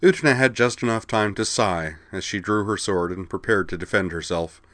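A man with a very low voice reads a fantasy story aloud in a steady, even way. The recording is close and dry, with no room sound. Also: normal speed, no echo. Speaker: narrator. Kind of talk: storybook narration.

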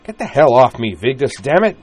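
A man voicing a short-tempered young man who speaks in a gruff, snappish way. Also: low voice, expressive, moderate pace, a little mellow. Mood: angry.

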